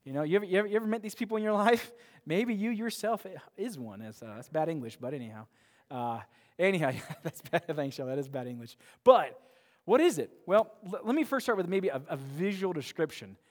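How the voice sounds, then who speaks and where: Pastor, male, slightly high voice, chatty sermon delivery, long church reverb. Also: expressive, brisk. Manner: conversational, repeats and restarts, mimics bored voices. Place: church sanctuary.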